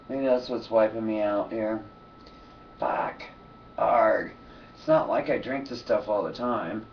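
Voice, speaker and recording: A man's voice: on the low side, animated, measured pace, distant mic, dull audio, slight background noise. A man talking to his camera in a loose, profane monologue, sleepy and yawning, laughing often between thoughts. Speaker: vlogger. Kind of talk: casual rambling monologue.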